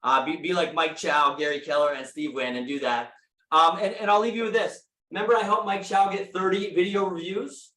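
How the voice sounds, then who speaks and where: A man giving an energetic motivational talk to a live audience, telling stories and asking the room questions. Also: fairly high pitch, a little fast. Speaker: speaker at a real estate meeting. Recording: echoey room.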